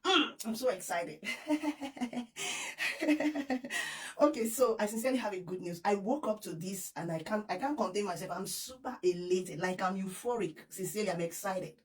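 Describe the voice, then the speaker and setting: A woman with a Nigerian accent hosting an excited news vlog, effusive and giggly, repeating her appeals to viewers. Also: mid-range voice, brisk, few pauses, far from the mic. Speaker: vlogger.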